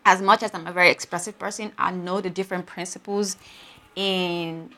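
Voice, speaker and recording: A young woman hosting a casual solo podcast, expressive and frank, swearing freely and laughing often. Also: fairly low pitch, moderate pace. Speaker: podcast host.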